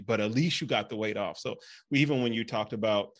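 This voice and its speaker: A man's voice: lowish voice, fairly even intonation, fairly quick, fairly bright tone. A man hosting a fitness podcast, chatting casually and rambling with many fillers and restarts. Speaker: podcast host. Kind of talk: casual interview chat.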